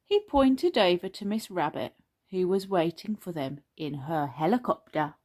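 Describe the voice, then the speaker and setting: A woman reading a children's storybook aloud in a gentle, expressive manner. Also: lowish voice, moderate pace.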